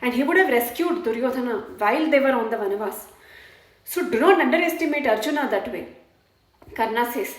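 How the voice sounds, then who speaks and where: Storyteller, woman, high voice, echoey room, earnest and explanatory. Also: lively intonation, fairly quick. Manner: earnest, explains morals, voices characters lightly. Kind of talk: retelling epic stories with commentary.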